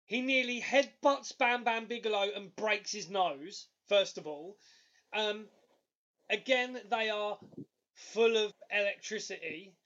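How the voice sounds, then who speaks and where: A man co-hosting a podcast, telling stories in an excitable, animated way with loud bursts. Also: sits high, takes it slowly, dull audio. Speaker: podcast co-host. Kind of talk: casual chat.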